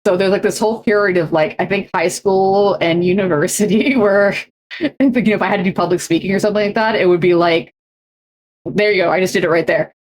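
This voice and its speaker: A woman's voice: mid-range voice, fast, slight background noise. A young adult woman streamer in casual chat, talking in loose runs full of fillers and restarts. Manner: chatty, many fillers and restarts. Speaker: streamer and co-host.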